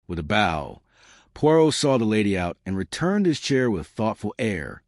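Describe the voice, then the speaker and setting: Male narrator, low, expressive pitch, dry close read. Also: normal speed, no echo. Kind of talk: audiobook narration.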